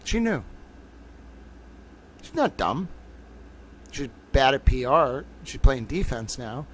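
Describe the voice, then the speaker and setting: A man's voice: medium pitch, very animated, slow, slight background noise. A man giving casual livestream commentary, talking in a rambling, profane and emphatic way.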